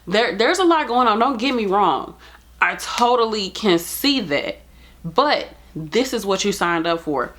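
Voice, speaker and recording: A nurse talking straight to camera, earnest and pleading in plain casual speech. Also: female voice, mid-range voice, lively intonation, unhurried, fairly bright tone. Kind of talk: heartfelt direct-to-camera talk.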